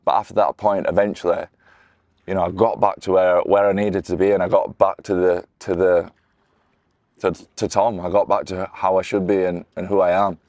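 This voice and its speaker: A young man tells his own story to camera, earnest and candid, with frequent restarts. His voice sits very low and stays flat in tone. The recording is dry and close. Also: normal speed, no echo. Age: 20s. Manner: earnest, candid, with many restarts and "you know". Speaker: motivational speaker. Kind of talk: personal testimony to camera.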